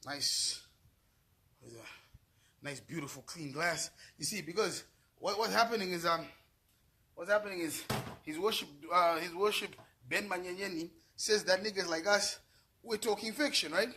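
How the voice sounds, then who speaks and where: A man's voice: high-pitched, normal speed, long pauses, sharp tone, husky. A middle-aged man from Zimbabwe ranting to camera in a vlog, profane, repetitive and heated. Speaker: vlogger. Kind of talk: angry rant to camera.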